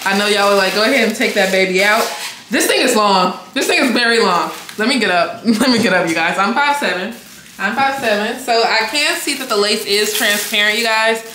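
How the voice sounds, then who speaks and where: A young woman, chatting excitedly in a casual unboxing vlog and often breaking into laughter. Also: medium pitch, a little fast. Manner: excitable, laughing, squealing bursts. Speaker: beauty vlogger. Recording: echoey room with faint noise.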